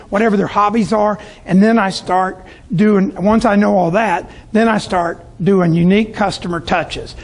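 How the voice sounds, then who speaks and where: A middle-aged man from Tampa, Florida, speaking to business owners in a storytelling sales talk and acting out his customers' voices. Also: high-pitched. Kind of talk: sales talk to a live audience.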